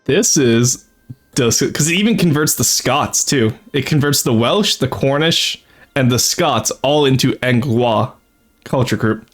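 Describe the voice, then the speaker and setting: A young man streams a strategy game, rambling casually, laughing a lot, and talking to his chat. His medium-pitched voice is expressive and fairly bright at a normal speed. Faint music plays behind him.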